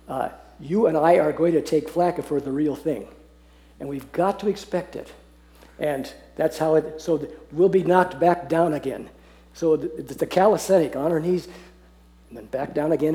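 Man, Bible teacher, earnest, mellow voice, slightly high, echoey room. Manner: earnest, laughs often, slows to read verses aloud. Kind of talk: teaching talk on scripture.

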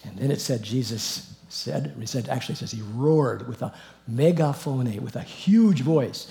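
With a gravelly, slightly high voice at a moderate pace, a middle-aged man gives an informal Bible lesson. He reads verses out loud, then comments on them, staying animated and chuckling along the way.

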